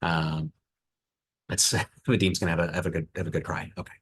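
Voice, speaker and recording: A man's voice: sits low, little pitch movement, a little fast, slight background noise. A man who is a head distiller, presenting a virtual tasting over a video call with enthusiasm and reflection, full of fillers and restarts.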